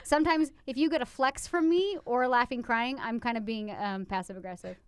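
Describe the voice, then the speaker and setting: A woman in her thirties co-hosting a podcast in casual chat, blunt and quick to swear, acting out her own texts in chirpy voices. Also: on the high side, smooth, no room sound. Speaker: podcast co-host.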